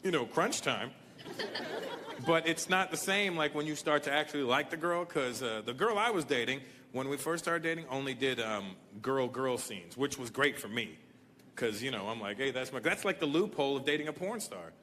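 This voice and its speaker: Animated male stand-up comic on stage. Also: mid-range voice, normal speed. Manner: animated storytelling, mimics voices, shouts punchlines. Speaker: stand-up comedian. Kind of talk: stand-up comedy routine. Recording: live club set with loud audience noise and long reverb.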